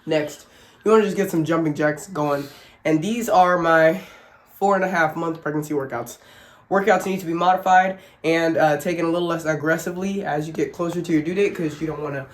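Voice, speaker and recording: With a deep voice, she speaks briskly and with few pauses. A family vlogger in an echoey room at home, she shows simple workouts for a casual instructional vlog despite being sick and short of breath, chatting, joking, and laughing at herself.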